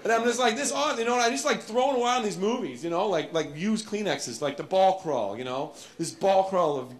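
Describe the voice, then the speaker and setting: A man's voice: high voice, expressive, fairly quick. A man performing rambling, chatty stand-up comedy at a live venue.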